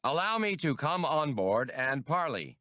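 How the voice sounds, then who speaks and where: Man putting on a pompous alien cop boss, fake hearty, high and showy. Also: very animated, a little slow, bright, forceful tone, no room sound, studio quality, exaggerated voice. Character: pompous male alien police chief, falsely hearty.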